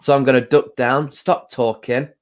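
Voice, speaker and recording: A man hosting a casual live stream, talking gently with many pauses and fillers and greeting viewers by name. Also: mid-range voice, steady tone. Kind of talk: casual live-stream chat with card reading.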